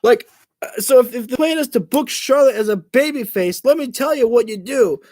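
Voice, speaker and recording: High-voiced man ranting on a livestream. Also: moderate pace, a little mellow, dry recording, clean studio sound. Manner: angry profane ranting. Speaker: livestream host reacting to wrestling. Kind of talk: live reaction commentary.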